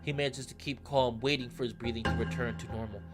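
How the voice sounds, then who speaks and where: A man reading a visual novel aloud in steady narration, breaking into excited asides. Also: medium pitch, quick pace. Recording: narration over loud game music. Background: background music.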